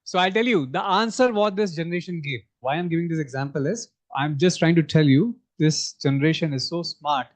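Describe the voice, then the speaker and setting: A man's voice: a little high, a little fast, few pauses. A man giving a workshop talk to educators, asking the audience questions as he goes. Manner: engaging, asks the audience questions. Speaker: workshop speaker. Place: conference hall.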